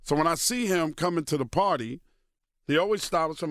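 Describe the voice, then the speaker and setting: A man, a radio personality telling stories as a guest in a casual interview, animated and swearing freely. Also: fairly high pitch, fast, dry recording, studio quality. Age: 50s. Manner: profane, animated storyteller who voices others in quotes.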